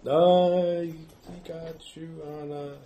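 A man's voice: on the high side, level tone, slow pace, warm tone, echoey room, slight background noise. A man running a tabletop game as game master, making easygoing rulings.

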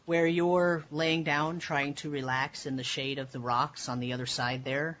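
A man's voice: a little high, little pitch movement, a little slow, a bit bright. A man narrating as dungeon master of a tabletop game, talking loosely with many fillers. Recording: dull lo-fi audio with faint background hiss.

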